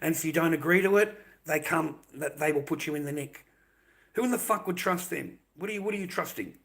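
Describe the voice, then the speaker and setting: A man's voice: fairly high pitch, a little fast, vocal fry, fairly bright tone. A middle-aged man with an Australian accent, ranting in a sarcastic, mocking monologue full of swearing.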